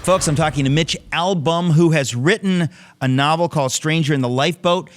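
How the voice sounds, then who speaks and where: A man's voice: a little high, a little fast, faint music behind. A man hosting a radio interview, talking emphatically with jokey asides to listeners. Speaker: radio show host.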